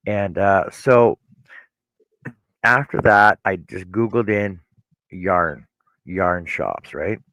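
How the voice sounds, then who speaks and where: A man's voice: low-pitched, drawn-out words, pauses often, a bit bright, no echo, rough recording. A man co-hosting a casual chat show, telling a long story with many restarts and repeated words. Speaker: co-host.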